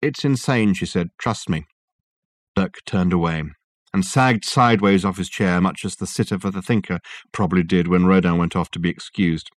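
A man narrating a novel in a dry, measured storytelling manner. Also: low voice, steady tone, no echo. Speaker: audiobook narrator. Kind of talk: scripted narration.

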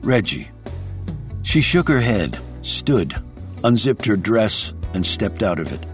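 A man narrating a novel in a measured, even way, switching voices for the characters. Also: fairly low pitch. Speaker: audiobook narrator. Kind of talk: scripted narration. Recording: dry close mic with faint music.

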